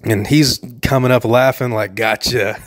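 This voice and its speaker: A man's voice: medium pitch, lively intonation, measured pace. A man giving casual, enthusiastic commentary over a film and laughing often.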